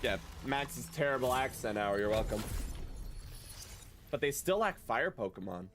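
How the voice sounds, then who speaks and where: During a casual game stream, a man jokes with his viewers and talks animatedly as he plays. His voice is medium-pitched and a little slow, with a bit of hiss or hum in the audio.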